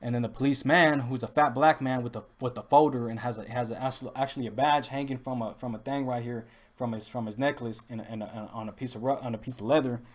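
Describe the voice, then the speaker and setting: A man's voice: medium pitch, steady tone, quick pace, a little hiss or hum. A young man, telling rambling stories casually with lots of restarts and street slang. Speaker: podcast host. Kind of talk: casual storytelling.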